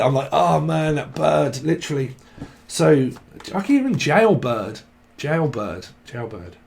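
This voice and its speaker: A man's voice: mid-range voice, darkish tone. A young man, giving a casual tarot reading in a rambling, profane way and laughing often. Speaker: tarot reader.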